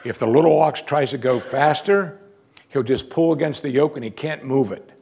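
A middle-aged male pastor preaching a sermon, animated and preacherly, swinging between loud emphasis and low, quiet lines. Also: normal speed, creaky.

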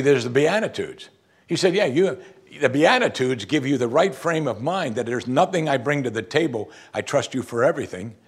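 A man preaching a sermon, asking rhetorical questions and reading scripture aloud. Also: husky. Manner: animated, rhetorical questions, rises in pitch for emphasis.

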